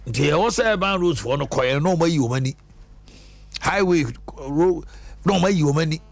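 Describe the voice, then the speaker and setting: Ghanaian radio host man, lively. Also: fairly high pitch, normal speed, vocal fry, dry recording. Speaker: radio host taking callers. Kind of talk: phone-in radio chat. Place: radio studio.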